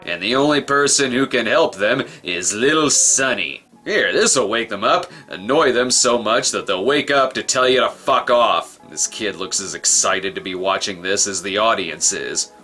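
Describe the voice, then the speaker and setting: A male film critic with a bright voice lays into a bad movie, swearing freely and mocking it with deadpan sarcasm. Faint music plays behind him. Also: on the low side, moderate pace, hardly any pauses. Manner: sarcastic and profane. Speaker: film reviewer. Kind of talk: comedic film review voice-over.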